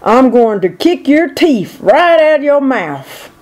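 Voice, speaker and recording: A cocky, hot-tempered male rabbit, as a woman reading aloud puts him on, hollering loud and indignant, pitched up high above her usual voice. Her tone stays soft and mellow under the shouting. A storybook telling. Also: sing-song, takes it slowly, heavily acted. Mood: angry.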